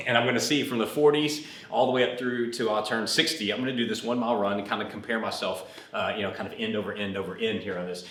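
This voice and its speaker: A man's voice: mid-range voice, fast, hardly any pauses, slight background noise. A man in his forties hosting a fitness podcast, telling a rambling personal story while coaching a workout. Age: 40s. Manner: chatty, rambling, animated when retelling. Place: gym. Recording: roomy echo, mic at a distance.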